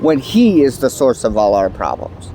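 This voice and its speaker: A man's voice: medium pitch, very animated, moderate pace, mellow, slight background noise. A man vlogging a heated political rant to camera, angry and emphatic, sounding stuffed up from allergies. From United States.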